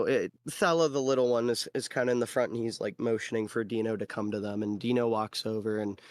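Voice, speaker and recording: A man's voice: medium pitch, no echo. A man running a tabletop game as game master, narrating in a loose style full of fillers and restarts.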